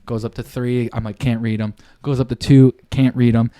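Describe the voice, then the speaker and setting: A man's voice: mid-range voice, little pitch movement, moderate pace, dark tone. Young man, podcast co-host, casual chat, rambling storyteller, slangy and sweary.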